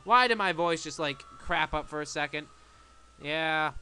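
A man commentating his own gameplay in a casual way, shouting and pleading at the game as he plays. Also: on the high side, a little slow, soft background music. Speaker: let's play gamer.

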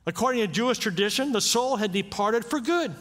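A male pastor preaching in a conversational, animated style, his fairly high voice swinging widely in pitch. He keeps checking in with rhetorical questions. The sound carries a long reverb from a church hall. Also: a little fast. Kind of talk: sermon.

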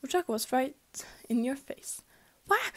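A young woman with a fairly high, steady, darkish voice reads a fanfic aloud at a normal pace. Her delivery is casual and amateur; she stumbles, restarts, and sometimes drops to a whisper.

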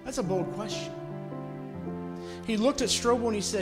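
A man's voice: sits high, brisk, over loud music. A man preaching a sermon in a church, telling a story earnestly and pressing his listeners with urgent appeals.

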